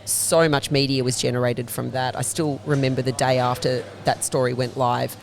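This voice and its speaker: A woman's voice: rumbling low, level tone, moderate pace, gravelly, a little mellow, soft background music. A woman, a bakery founder, telling fluent, detailed stories as a guest in a casual interview inside her bakery. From Australia.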